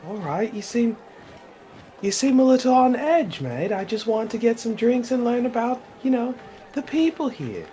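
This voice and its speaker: A man's voice: extremely high pitch, big pitch swings, moderate pace, warm tone, slight background noise, pitched above the performer's own voice. A man voicing a cheerful, chatty male adventurer in a tabletop game who keeps calling everyone mate. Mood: jovial. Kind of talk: in-character tabletop role-play.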